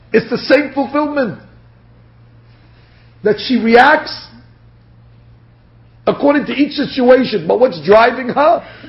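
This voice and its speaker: A man gives an animated Torah lecture to his class, and his voice sits high. He acts out the lines he quotes. The recording is dull and lo-fi. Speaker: Torah teacher.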